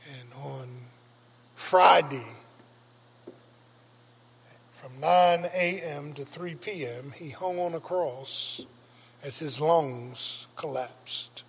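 Slow husky pastor guy preaching in a big echoey church, swings up into shouts. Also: on the high side. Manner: preaching with dramatic rises into shouts. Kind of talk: Easter sermon. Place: church sanctuary. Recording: reverberant church hall.

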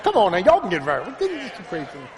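High, lively preaching man in a church. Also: fast, a faint crowd. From Philadelphia. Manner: preaching with call-and-response, rising to shouts; drops to a low, quiet storytelling voice. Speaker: pastor. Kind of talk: sermon. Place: church sanctuary. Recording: long hall reverb in a church.

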